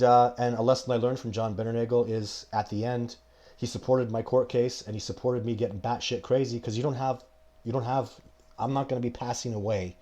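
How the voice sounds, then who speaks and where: A man's voice: fairly low pitch, warm tone. A man in his forties hosting a live show, answering viewer questions in an emphatic, rambling way and coughing now and then. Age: 40s. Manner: rambling, emphatic, goes off on tangents. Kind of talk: live-stream casual talk.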